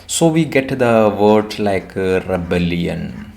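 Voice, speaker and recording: A male teacher, explaining a poem to his class. He talks slowly and deliberately in a lowish voice, repeating and stressing the key words so students catch them. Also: expressive, creaky, darkish tone. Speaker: English teacher.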